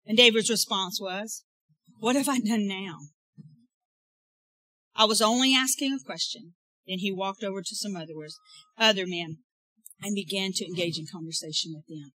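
Bright-voiced woman preacher, dry sound. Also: a little high, moderate pace, no room sound, low-quality recording. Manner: swings from loud preaching to soft asides. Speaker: pastor. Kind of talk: sermon.

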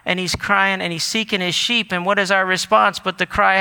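A man's voice: high-pitched, steady tone, moderate pace, gravelly, few pauses, pushed and bright, clean tone. A man preaching a sermon as pastor, earnest and given to self-corrections and restarts, then leading a prayer. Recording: long hall reverb.

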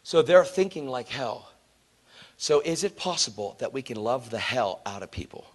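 A man preaching a sermon, telling a story in an animated, earnest, conversational way and acting out the people in it. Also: medium pitch, moderate pace.

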